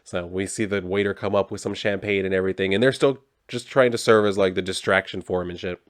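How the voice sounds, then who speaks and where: A man's voice: low-pitched, steady tone, fast, no room sound, clean studio sound. Laid-back man recapping a comic. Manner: laid-back, swears casually, laughs often. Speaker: comic book reviewer.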